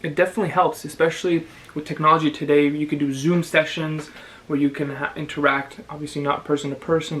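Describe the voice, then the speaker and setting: A young man from Canada, a vlogger, chatting casually and giving advice, pausing now and then to chew. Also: on the high side, slight background noise, rough recording. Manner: relaxed, chatty, with pauses to chew. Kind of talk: casual chat while eating.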